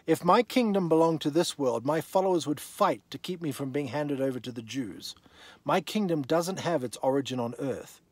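A man reading the lines of a calm, condemned teacher in a measured, lowered voice. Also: slightly rough, dry recording.

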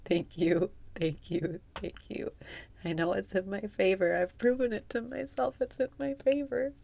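A woman guiding a meditation, speaking softly and often slipping into a whisper, with wry, self-mocking laughter. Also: mid-range voice, unhurried, vocal fry. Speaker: meditation guide. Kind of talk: guided meditation.

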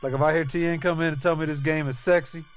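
A game streamer rambles loosely to his viewers, joking and swearing freely during a casual live chat. His voice is on the high side with fairly even intonation, he talks quickly, and faint music plays in the background.

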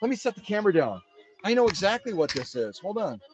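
A man from Wisconsin hosting a casual live stream from his home workshop, chatting to his viewers in an animated way. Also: high-pitched, fast, faint music behind. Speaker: live-stream host of a sewing machine restoration channel.

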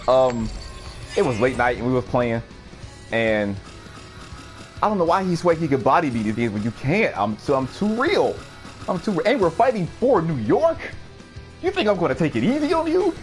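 A young man streaming a fighting game, telling a rowdy story in a casual, animated way with frequent laughter and sudden excited outbursts. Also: medium pitch.

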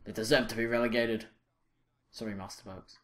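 A young man commentating his own football video game, reacting loudly and with frustration to misses and saves. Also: lowish voice, steady tone, fairly quick. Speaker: gaming channel host. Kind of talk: live gameplay commentary.

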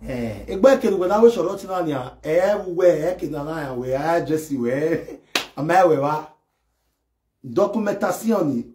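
A man doing a comic live-stream rant, excitable and mocking as he acts out imagined scenes. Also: fairly high pitch, a little hiss or hum. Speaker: comedy live video host. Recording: echoey room.

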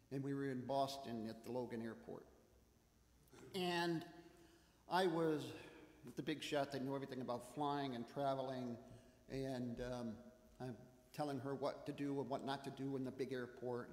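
An older man preaching a sermon, telling self-deprecating stories in an animated way. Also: mid-range voice, echoey room, in a large hall. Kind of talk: sermon with personal anecdotes. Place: church.

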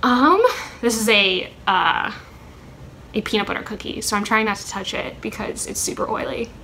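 A woman's voice: mid-range voice, moderate pace, creaky, pushed and bright, a little hiss or hum. A young woman chatting casually in a rambling way with many ums as she answers questions for her vlog at home. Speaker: vlogger answering a question tag. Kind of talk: casual chat.

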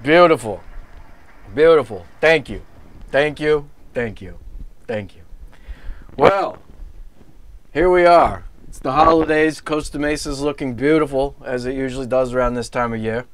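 A man's voice: medium pitch, measured pace, long pauses. A man with a Bronx accent hosting a live holiday variety show as a lounge singer, with brash, wisecracking stage patter between songs. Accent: New York (Bronx).

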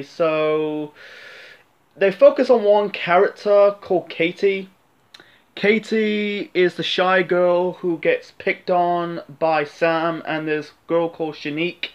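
Speaking unhurriedly in a high-pitched voice over dull audio, a man gives a rambling, casual film review. He's hesitant and loose, often restarting and using plenty of fillers.

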